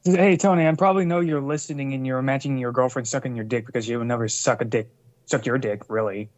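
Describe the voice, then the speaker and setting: A man's voice: medium pitch, fairly even intonation, fast. A male co-host trades crude, mocking jabs on a heated livestream show. His sound is slightly muffled and lo-fi.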